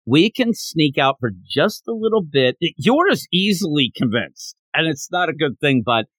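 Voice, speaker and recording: A man with a fairly high voice that swings widely in pitch, retelling a comic chapter in casual podcast chat. He drops in and out of quoted lines. The sound is dry and close, with no room around it. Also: moderate pace, no echo. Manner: animated retelling, jumps into character quotes. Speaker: podcast host. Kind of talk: casual manga recap chat.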